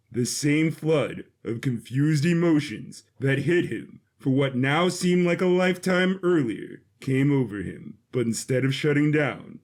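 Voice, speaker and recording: A man narrating his own audio drama in an expressive, animated way. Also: mid-range voice. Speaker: writer and narrator.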